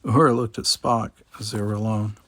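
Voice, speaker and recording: A man narrating a short science fiction story in a steady storytelling manner. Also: on the low side, a little fast, no room sound. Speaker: audiobook narrator. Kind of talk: audiobook narration.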